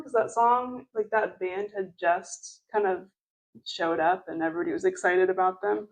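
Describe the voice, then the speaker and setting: A woman's voice: mid-range voice, normal speed, rough recording. A woman telling a story in a casual chat, rambling with lots of fillers and laughter. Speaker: podcast co-host.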